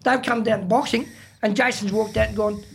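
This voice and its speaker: A man's voice: high-pitched, fairly even intonation, a little fast, creaky, a little hiss or hum. A man, co-hosting a podcast in casual chat and telling a story with repeated, emphatic phrasing.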